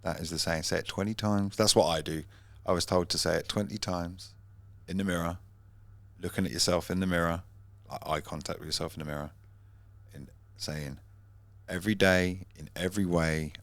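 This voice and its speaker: A man's voice: low-pitched, steady tone, a little fast, vocal fry, dry recording. A man co-hosting a podcast, talking earnestly and jokily with frequent restarts. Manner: earnest and jokey, restarts often. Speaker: podcast co-host. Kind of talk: casual chat.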